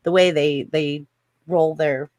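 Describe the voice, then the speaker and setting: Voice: mid-range voice, slow pace, no room sound. Chatty panel host. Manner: chatty and animated, laughs often. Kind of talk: casual panel chat.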